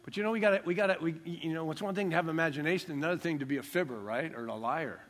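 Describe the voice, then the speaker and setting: Older male preacher, fairly high voice. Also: rapid-fire, fairly bright tone. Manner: emphatic, joking preacher who stresses key words. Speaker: pastor. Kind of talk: sermon.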